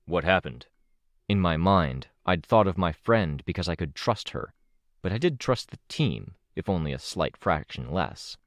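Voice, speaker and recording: A man narrating an audiobook in a steady, measured way, recorded close to the mic. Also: deep voice, dry recording. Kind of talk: scripted narration.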